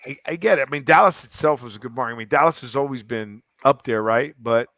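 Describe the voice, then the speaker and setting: A man hosting a casual sports podcast, talking in an animated, rambling way with many restarts. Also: medium pitch, fast talker, dry recording. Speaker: podcast host. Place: club in downtown Fort Lauderdale.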